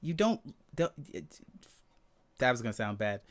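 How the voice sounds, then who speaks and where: A man's voice: mid-range voice, big pitch swings, measured pace. A man playing a tabletop game, joking around and thinking aloud with hesitations. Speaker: player.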